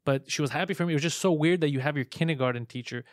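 A male stand-up comedian from Montreal telling animated, profane stories in a casual podcast chat. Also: a little high, no room sound, studio quality. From Montreal, Canada. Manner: rapid, profane, animated storytelling.

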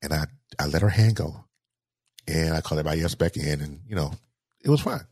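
A man telling a personal story in an interview, halting and repeating words as he speaks with grief. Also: very deep voice, darkish tone, husky, no echo, clean studio sound. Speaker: guest.

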